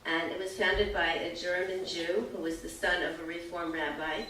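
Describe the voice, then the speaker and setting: An older American woman calmly explaining her family background to an audience. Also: fairly low pitch, moderate pace, a little hiss or hum. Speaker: speaker. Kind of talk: storytelling talk. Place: synagogue hall. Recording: echoey hall from far off.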